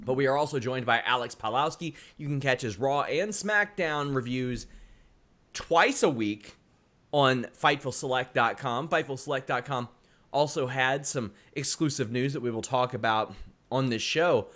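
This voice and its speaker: A man's voice: mid-range voice, fairly bright tone. Emphatic man hosting a review podcast. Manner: brisk, emphatic opinions with frequent "uh" fillers. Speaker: podcast host. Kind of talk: casual review chat.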